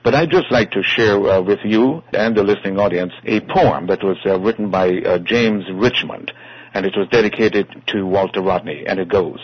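A man's voice: fairly low pitch, normal speed, husky, dry recording. A man hosting a radio interview, asking questions politely and courteously. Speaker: radio host. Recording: muffled lo-fi radio audio.

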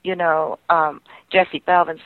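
A woman's voice: sits low, little pitch movement, slow, dry recording. An older woman, a singer and pianist, telling heartfelt, rambling stories from her past in a radio interview. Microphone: phone line. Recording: tinny dry phone line.

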